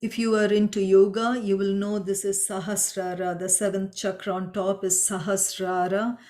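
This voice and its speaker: A woman teaching a Sanskrit chant, patiently explaining meanings and pronunciation step by step and chanting the lines slowly. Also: medium pitch, flat delivery, dark tone. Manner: chants mantras slowly and drawn out. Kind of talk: slow spoken lesson with chanting.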